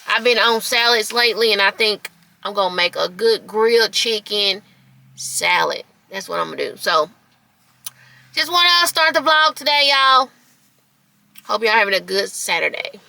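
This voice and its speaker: A woman, chatting excitedly to viewers while filming a casual vlog outdoors and in a store. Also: mid-range voice, moderate pace, vocal fry, low-quality recording. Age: late 30s. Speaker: vlogger. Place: outdoors, then inside a discount store. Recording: music playing behind her.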